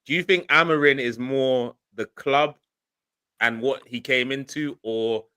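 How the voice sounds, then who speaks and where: A man hosts a football panel in a playful way and steers the talk with his questions. His voice is bright and forceful, and the sound is dry. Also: mid-range voice, unhurried, clean tone, dry recording. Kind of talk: casual football chat.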